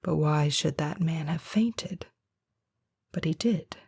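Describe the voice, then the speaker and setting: A woman giving a whispered first-person audiobook narration, hushed and slow. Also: low voice, creaky, husky.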